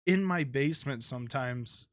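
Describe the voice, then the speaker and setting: A man's voice: mid-range voice, moderate pace, dry recording, studio quality. A man hosting a podcast, bantering casually with plenty of swearing. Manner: laid-back, profane banter. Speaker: podcast host. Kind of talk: casual chat.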